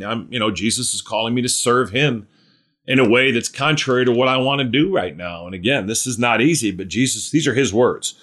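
Guy preaching a sermon, earnest and emphatic, lots of rhetorical questions and restarts, voice jumps up on the big words. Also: fairly bright tone. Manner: earnest, emphatic, repeats phrases, rises in pitch on key words.

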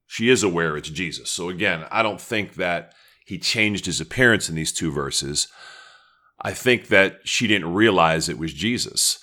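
A man's voice: low-pitched, animated, normal speed, sharp tone. A man preaching a conversational sermon, teaching from Scripture with prayerful asides. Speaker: pastor.

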